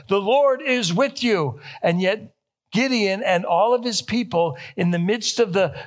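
A young man preaching a sermon, stressing key phrases and repeating them, rising with feeling on quoted questions. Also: high-pitched. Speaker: pastor.

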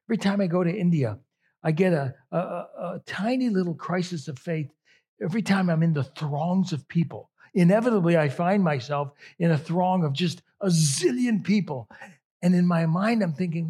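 A man's voice: fairly high pitch, lively intonation, moderate pace, a little mellow, husky. A man preaching a sermon as a pastor, conversational and emphatic, drawing out key phrases.

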